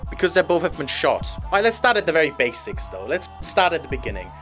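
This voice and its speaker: A young man rattles through a crude, sarcastic comedy monologue. His pitch swings widely as he riffs, and soft music runs underneath. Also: sing-song, fast. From Germany. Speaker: comedy YouTuber.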